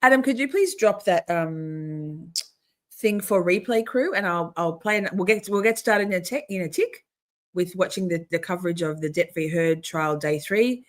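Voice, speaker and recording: A middle-aged woman hosting a casual livestream, chatty and swearing, often clearing her throat and restarting. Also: lowish voice, moderate pace. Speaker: livestream host.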